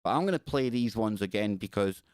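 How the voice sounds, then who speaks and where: A man's voice: on the low side, lively intonation, a little fast, very noisy. A Scottish man hosting a live call-in radio show, chatting loosely and reading news stories aloud with rambling asides. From Scotland.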